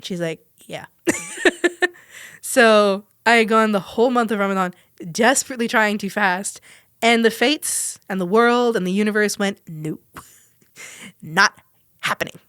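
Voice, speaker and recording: A woman's voice: mid-range voice, moderate pace, a bit bright, clean tone, no echo, studio quality. A young woman hosting a podcast, telling a personal story in a chatty, self-deprecating way and laughing often. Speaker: podcast host. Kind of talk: casual storytelling monologue.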